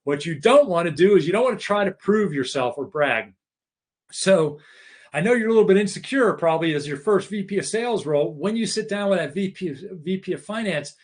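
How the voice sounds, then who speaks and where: A middle-aged man with a slightly higher than usual voice leads a live leadership masterclass. He talks off the cuff, doubles back on his phrases and slips into quick acted-out exchanges to make his points. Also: lively intonation. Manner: conversational, many restarts, acts out quoted dialogue. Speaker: keynote speaker on leadership.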